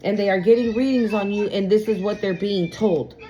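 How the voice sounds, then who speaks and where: A woman's voice: medium pitch, brisk, highs cut off, background noise. A woman giving a casual tarot reading to her viewers, blunt and emphatic, swearing freely and calling them y'all. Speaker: tarot reader.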